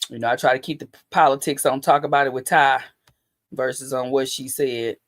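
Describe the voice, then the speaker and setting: A man's voice: mid-range voice, fairly even intonation, fairly quick, fairly bright tone, no echo, studio quality. A man hosting a livestream, chatting loosely and profanely straight to his viewers. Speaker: livestream host. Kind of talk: casual livestream chat.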